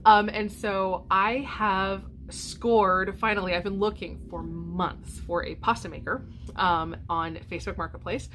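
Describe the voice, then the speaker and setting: A woman's voice: medium pitch, fairly even intonation, unhurried, a bit bright, slight background noise. A middle-aged woman chatting casually to camera at home, rambling with many ums and restarts. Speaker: vlogger. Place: home, by a window.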